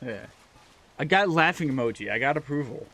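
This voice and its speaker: A man's voice: fairly high pitch, expressive, a little fast, bright, forceful tone. A young man streaming while he chats, laid-back and swearing casually between laughs.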